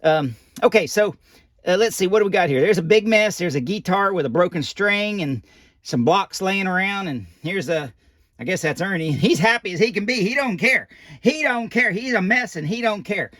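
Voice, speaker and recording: A man's voice: sits high, animated, normal speed, fairly bright tone, no echo, clean studio sound. A man voicing a folksy old animatronic doll who reads a children's picture book aloud with rambling asides and loose grammar. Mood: chatty.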